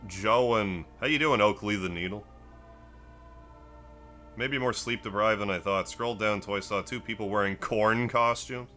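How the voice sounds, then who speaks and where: A man with a fairly low voice and a bright, forceful edge chats through a gameplay stream. He rambles easily, greets viewers by name and thinks out loud between moves. Quiet game music sits faintly behind him. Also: unhurried. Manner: relaxed, rambling, greets chat, muses aloud. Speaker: gaming live streamer. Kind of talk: casual gameplay stream chat.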